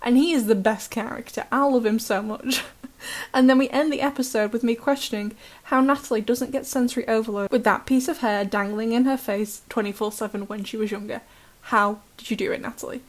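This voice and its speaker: A woman's voice: a little high, fairly even intonation, a little fast. Sarcastic British woman recapping episodes. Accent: British English. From Britain. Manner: chatty, sarcastic, laughs often.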